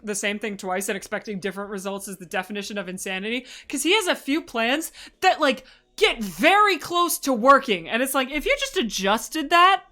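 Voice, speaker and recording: A woman's voice: a little high, bright, forceful tone. A woman giving a casual livestream presentation, rambling and enthusiastic, full of asides. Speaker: streamer presenting a fan slideshow.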